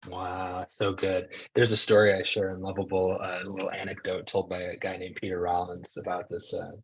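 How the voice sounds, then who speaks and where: A man, a psychologist and author, speaking as a podcast guest in a soft-spoken, reflective way, telling calm anecdotes. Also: low-pitched, fairly quick, breathy edge, rough recording. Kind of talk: casual podcast conversation.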